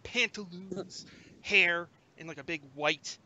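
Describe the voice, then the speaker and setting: Bright-voiced man running the game. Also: high voice, slow pace, slight background noise, rough recording. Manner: animated, acts out creatures with shouts. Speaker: game master. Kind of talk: narrating a tabletop game.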